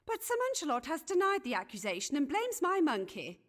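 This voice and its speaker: A woman's voice: sits high, wildly swooping pitch, a little fast. An actress voicing a fussy, self-important Elizabethan noblewoman who chatters in archaic phrasing, in a video game. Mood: gossipy. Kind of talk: game voice acting.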